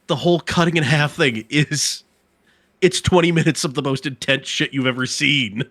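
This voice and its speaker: A man's voice: a little high, normal speed, a bit bright, dry recording. A man co-hosting a podcast, telling stories in casual chat with lots of animation and swearing for emphasis. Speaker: podcast co-host. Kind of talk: casual chat on a live stream.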